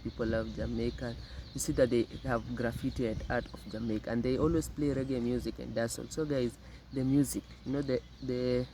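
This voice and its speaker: Mellow-voiced man hosting a reaction video. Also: mid-range voice, a little hiss or hum, rough recording. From Kenya. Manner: unhurried, repeats words often. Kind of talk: casual commentary.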